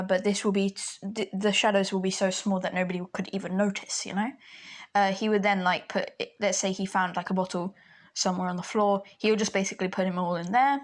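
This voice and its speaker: A woman telling a fan story in a casual, rambling way, full of fillers and restarts. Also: mid-range voice.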